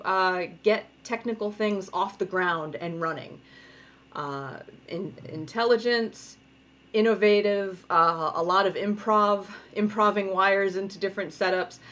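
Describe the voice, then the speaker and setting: Woman, 30s, Rhode Island accent, fairly low voice; chatty, encouraging art teacher at home, dull lo-fi recording. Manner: chatty, encouraging, thinking aloud while drawing. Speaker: comic artist. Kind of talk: live draw-along tutorial. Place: home studio. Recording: dull lo-fi sound with faint noise.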